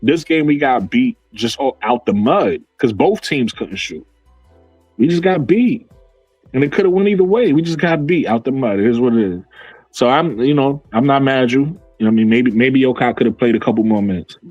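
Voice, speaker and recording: A man's voice: mid-range voice, animated, a little fast, darkish tone, no room sound, lo-fi sound, faint music behind. Argumentative man talking basketball to chat. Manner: argumentative, repeats himself, answers chat comments. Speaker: basketball commentary streamer. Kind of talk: casual livestream commentary.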